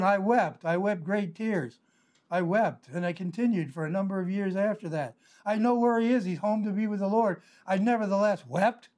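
An older male pastor with a notably high voice gives a verse-by-verse Bible teaching sermon. He explains earnestly and circles back to his points, dropping in frequent "uh" pauses as he works through the text. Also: a little mellow.

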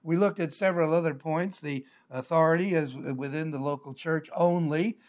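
Older man, pastor, live Bible teaching, measured explanatory delivery, many "uh" fillers. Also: a little high, darkish tone.

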